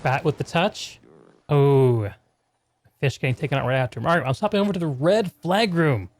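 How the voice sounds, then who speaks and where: A man's voice: fairly high pitch, moderate pace. A man hosting a live stream and commentating a competitive video game match, chatty and upbeat, calling the viewers "y'all".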